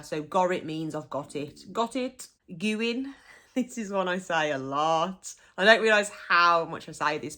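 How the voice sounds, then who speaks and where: A woman's voice: low-pitched, unhurried, bright, forceful tone. A woman from the Black Country with a Black Country accent, explaining local dialect words in a chatty way, often laughing and acting out example phrases. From Black Country, England. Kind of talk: casual explanatory monologue.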